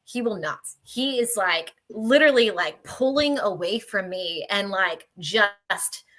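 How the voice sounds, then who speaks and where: Woman, bright tone, mid pitch, animated casual storytelling, laughs while talking, video call. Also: measured pace. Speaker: paranormal investigator on a panel.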